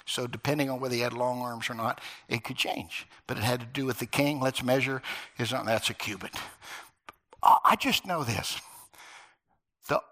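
A middle-aged or older man preaching a sermon, telling stories in an animated way that swings from loud emphasis to near-whispers. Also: medium pitch. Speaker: pastor.

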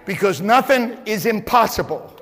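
A man preaching a sermon as pastor, shouting at times and repeating words as he builds. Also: sits high, expressive, moderate pace, long reverb tail, a faint crowd, a little hiss or hum. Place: church.

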